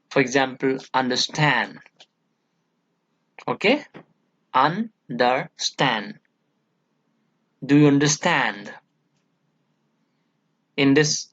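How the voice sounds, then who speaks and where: A male college English lecturer with an Indian English accent, giving a slow, deliberate classroom lecture full of "uh" and "okay" and repeating example words for stress. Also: mid-range voice. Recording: dull lo-fi recording.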